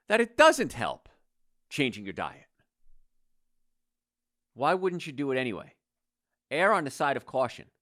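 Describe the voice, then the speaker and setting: A man's voice: medium pitch, fairly bright tone, dry recording, studio quality. A middle-aged man hosting a health talk, giving an informal, emphatic lecture to an audience and repeating his key advice.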